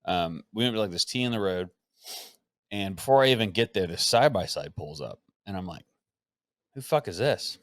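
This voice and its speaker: A man with a fairly low voice recounts a story on his podcast in a loose, conversational way. He gets animated, acts out what people said and swears without holding back. The recording sounds close and dry, with no room sound. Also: fairly quick, no room sound. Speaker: podcast host. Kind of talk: casual storytelling chat.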